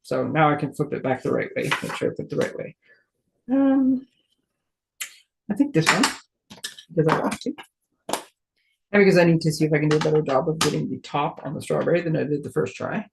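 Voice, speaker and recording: A woman's voice: deep voice, animated, brisk, vocal fry, pauses often, background noise. A friendly woman runs a casual live crafting demonstration and talks her viewers through each step. She thinks aloud while her hands stay busy. She makes light of her own clumsiness in an easygoing way. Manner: chatty, thinks aloud while working, self-deprecating.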